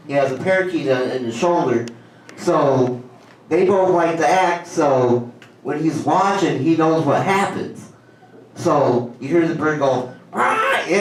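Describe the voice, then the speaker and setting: A man doing stand-up at an open mic in a small cafe, telling corny one-liners in a casual, halting way. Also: fairly high pitch, slight background noise. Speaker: stand-up comedian. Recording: very echoey room, distant mic.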